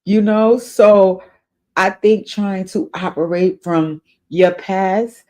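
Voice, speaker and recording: A woman's voice: mid-range voice, level tone, slow, warm tone. A woman hosting an advice show off camera, answering a viewer's letter in casual spoken advice. She is earnest and encouraging, with a spiritual bent, and repeats key lines for emphasis. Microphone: off camera, voice only.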